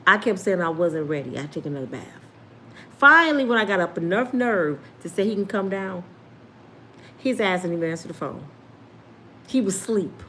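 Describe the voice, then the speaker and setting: Animated woman telling a story. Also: mid-range voice, slight background noise. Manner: animated, laughs often, acts out quoted voices. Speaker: storyteller host. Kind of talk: casual storytelling.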